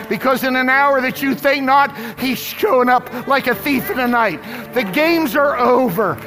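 A man's voice: very high voice, moderate pace, hardly any pauses, bright, forceful tone, big-room sound, soft background music. A male pastor preaching a sermon with impassioned, repetitive emphasis. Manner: impassioned, repeating phrases for emphasis.

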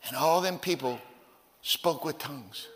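A man preaching a sermon as pastor, telling stories in a folksy, conversational way, with stammered repeats, dropping low and then rising to loud, emphatic peaks. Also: unhurried, long reverb tail, slight background noise. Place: church sanctuary.

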